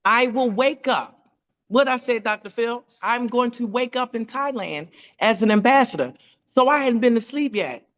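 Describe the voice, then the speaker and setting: A woman telling an animated testimony on a video call, acting out quoted voices with big jumps in pitch. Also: moderate pace, dull audio. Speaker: team member sharing a testimony.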